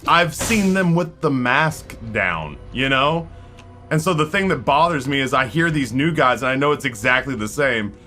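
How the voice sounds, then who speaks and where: A man's voice: mid-range voice, lively intonation, normal speed, bright, forceful tone, soft background music. A man in his forties chatting live with his stream viewers, rambling, swearing and greeting people in chat by name. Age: 40s.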